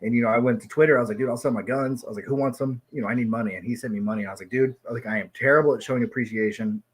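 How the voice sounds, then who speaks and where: A man talking quickly and loosely in a casual chat, a little drunk. He swears freely, jumps between topics and gets loud and excited in bursts, then turns self-deprecating. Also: mid-range voice, breathy edge. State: tipsy.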